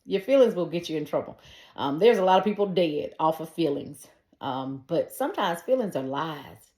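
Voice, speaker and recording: A woman's voice: deep voice, animated, moderate pace, darkish tone. A middle-aged woman telling a personal faith testimony, earnest and conversational, speaking straight to her listeners. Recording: echoey room.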